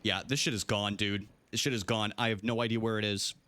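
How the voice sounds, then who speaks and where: A young adult man streams a video game live in a lowish, brisk voice. He's animated and jokey, swearing as he plays and chatting casually with his viewers.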